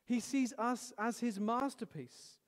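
A middle-aged man preaching a sermon, animated, swinging between loud exclamations and hushed storytelling. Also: very high voice, a little slow, in a large hall.

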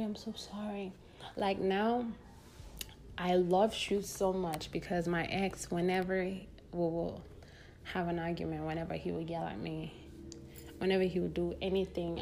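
A young woman hosts a podcast, speaking candidly in a casual advice monologue built from her own life and personal stories. Her voice is on the low side and creaky, with a darkish tone. There's a slight hiss or hum in the audio.

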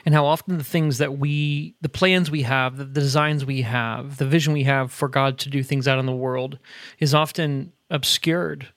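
A middle-aged man co-hosting a casual faith podcast, an animated storyteller who talks in quick bursts and laughs often. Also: medium pitch, no echo. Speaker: podcast co-host. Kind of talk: casual chat. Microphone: headset earbuds at a desk.

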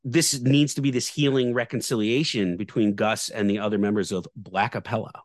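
A man's voice: on the low side, fairly even intonation, brisk, dry recording, studio quality. A man co-hosting a podcast, talking casually and turning reflective when he makes a longer point. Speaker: podcast co-host. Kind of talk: casual chat.

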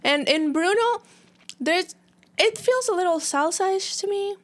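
A woman from Colombia, a podcast guest in casual chat, chatty and quick to laugh. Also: very high voice, expressive. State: talking with her mouth full.

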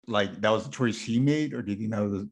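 Man, podcast co-host, somewhat low voice, casual hedging chat. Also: fast talker. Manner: thoughtful, hedging with "like", steers topic back.

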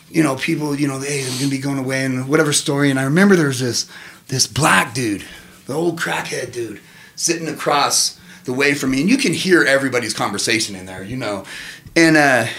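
A man in his thirties telling profane, laughing stories in casual conversation. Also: a little high. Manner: profane, laughing, animated storyteller. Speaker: podcast guest. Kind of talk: storytelling in casual chat.

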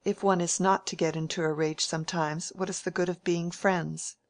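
A woman's voice: lowish voice, fairly even intonation, normal speed, dry recording, close to an everyday voice. A dry, outspoken young woman, read by a woman narrator. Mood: dry, frank. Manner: dry and blunt. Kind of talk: audiobook character reading.

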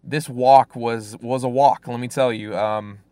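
A man's voice: medium pitch, fairly even intonation, unhurried, dark tone, no room sound. A young man from Fresno, California, telling a personal story in casual talk, full of fillers and restarts. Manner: rambling, many fillers and restarts. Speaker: guest storyteller.

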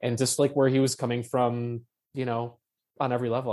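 A man's voice: mid-range voice, level tone, brisk, a little mellow. Passionate, rambling male playwright guest. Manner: passionate, rambling, swears casually, many fillers. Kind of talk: casual interview talk.

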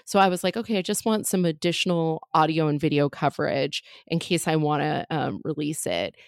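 A woman's voice: low voice, brisk, no room sound, studio quality. A woman comedian in her thirties telling a story as a podcast guest, chatty and full of fillers and jokey asides.

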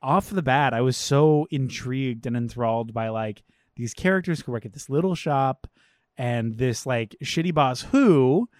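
A man's voice: mid-range voice, normal speed, dry recording, clean studio sound. A man co-hosting a casual movie podcast, chatty, full of "like," swearing freely. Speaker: podcast co-host.

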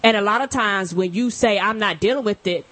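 A woman's voice: mid-range voice, fairly quick, fairly bright tone, slight background noise. A woman co-hosting a casual podcast chat, telling stories bluntly and matter-of-factly. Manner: blunt, matter-of-fact storyteller. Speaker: podcast co-host.

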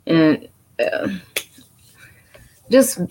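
A teenage girl who is a guest on the show, soft-spoken and hesitant, with many fillers. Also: very slow, poor audio. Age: teens. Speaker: guest, the host's daughter. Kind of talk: casual conversation.

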